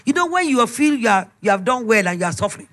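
A middle-aged woman with a Nigerian accent, giving an emphatic, animated preaching testimony. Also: fairly high pitch, fast. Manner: storytelling, emphatic, animated retelling.

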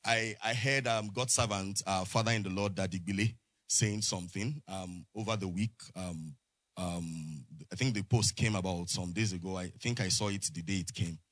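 A man's voice: deep voice, normal speed, a bit bright, no room sound. A man preaching a sermon to his congregation, prompting them with call-and-response and frequent amens. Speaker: pastor. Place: church.

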